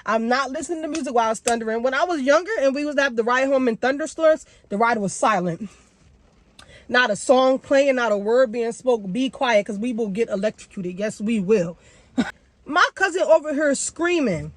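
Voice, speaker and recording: A young woman tells a casual storytime in a fairly high, lively voice full of slang. Her pitch leaps up and down as she talks. The sound is dry and close, with no room echo. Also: moderate pace. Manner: animated slangy storytelling with big pitch jumps. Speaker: vlogger.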